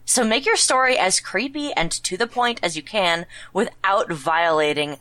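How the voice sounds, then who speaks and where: A woman's voice: medium pitch, normal speed, bright, forceful tone, no room sound, poor audio. A woman co-hosting a comedy podcast, reading wiki rules aloud and laughing between dry asides. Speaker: podcast co-host.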